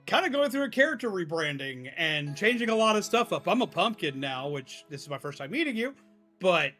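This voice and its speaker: Excitable male streamer, casual chat, higher bright voice. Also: a little fast, soft background music. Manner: animated, swears freely, excitable greetings.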